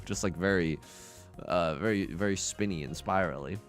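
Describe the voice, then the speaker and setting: A young man giving live game commentary to his chat, jokey and animated, often stumbling and repeating words. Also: deep voice, moderate pace, soft background music. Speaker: streamer.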